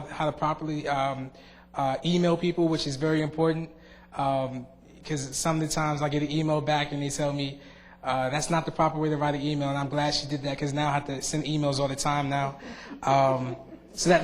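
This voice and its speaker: A young man, the outgoing student board member, gives a halting farewell speech at a board meeting, full of fillers and restarts. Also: on the high side, fairly even intonation. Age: young adult. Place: school board meeting room. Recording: long reverb in a meeting hall.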